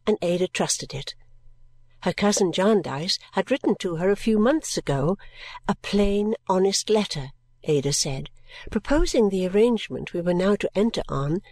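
A woman narrating a classic novel aloud in a gentle, measured storytelling manner. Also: mid-range voice, no room sound. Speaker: audiobook narrator.

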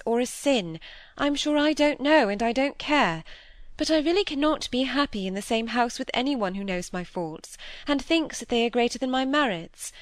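A woman's voice: fairly high pitch, no room sound, close to an everyday voice. Proud, troubled young woman, resolute and heavy, read by a woman, dry booth sound.

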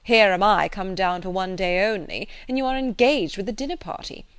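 A woman reading the part of a blunt, practical married gentleman who talks in a firm, lecturing way. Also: medium pitch, a little fast, clear, resonant tone, no echo, natural voice.

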